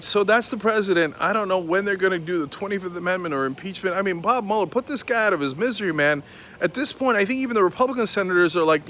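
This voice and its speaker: Exasperated high-voiced man ranting. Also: pushed and bright. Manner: heated, exasperated, sarcastic. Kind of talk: political commentary rant.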